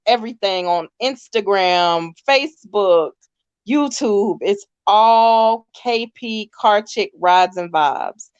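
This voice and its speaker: A woman's voice: mid-range voice, smooth, no room sound. A woman appearing as a guest on a casual live podcast, teasing the host in playful banter. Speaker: guest, interviewer of her own show. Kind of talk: casual live-stream chat. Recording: dry muffled lo-fi stream audio.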